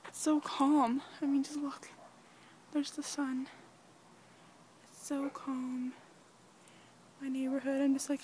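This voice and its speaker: A teenage girl chatting casually in a rambling, giggly daily vlog, talking softly while walking outdoors in a quiet neighborhood. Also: high-pitched, gravelly, slight background noise. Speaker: vlogger.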